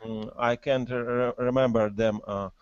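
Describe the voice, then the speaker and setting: A male English student with a non-native accent, reading and speaking slowly and carefully. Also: medium pitch, fairly even intonation, clear, resonant tone, dry recording. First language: not English. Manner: slow, careful, halting reading. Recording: dull lo-fi classroom recording.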